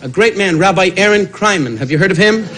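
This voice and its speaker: A man doing insult comedy at a roast, brash and mock-solemn, heard on a noisy old broadcast over loud audience laughter. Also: high voice, expressive, fast talker. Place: banquet hall before a live audience.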